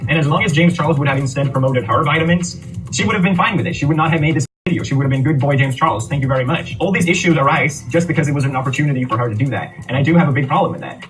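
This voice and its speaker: A man's voice: on the high side, a bit bright. A man giving blunt, critical reaction commentary. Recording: distant mic with music behind.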